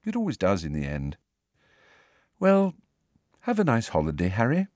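A man voicing a dreamy, serene teenage girl witch in an audiobook, calm and matter-of-fact. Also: fairly low pitch, normal speed, no room sound, studio quality.

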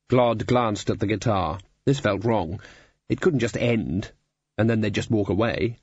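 A man reading a comic fantasy novel aloud in scripted narration, dry and even. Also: on the low side, unhurried, husky, dry recording, lo-fi sound. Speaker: audiobook narrator.

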